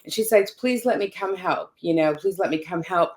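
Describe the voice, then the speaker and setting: A woman's voice: fairly low pitch, normal speed, darkish tone. A woman telling a personal caregiving story in conversation, checking in often with "you know" and "right?". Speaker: caregiver sharing her story.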